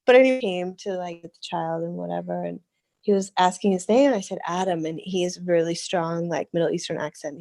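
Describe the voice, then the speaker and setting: A woman in her thirties in casual conversation, chatty and animated, laughing often and restarting her sentences. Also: fairly low pitch, fairly quick, gravelly, no echo. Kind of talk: casual chat.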